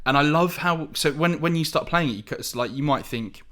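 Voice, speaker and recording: A man's voice: a little high, fairly quick. A man co-hosting a podcast, telling stories casually and acting out quoted lines. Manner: animated storyteller, acts out quoted lines. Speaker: podcast co-host. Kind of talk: casual chat.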